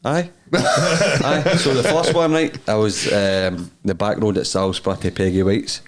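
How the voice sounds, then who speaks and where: A man's voice: lowish voice, fairly even intonation, measured pace. A young Scottish man co-hosting a podcast, teasing the others and telling stories with swearing and laughter. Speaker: podcast co-host. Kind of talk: casual chat, storytelling.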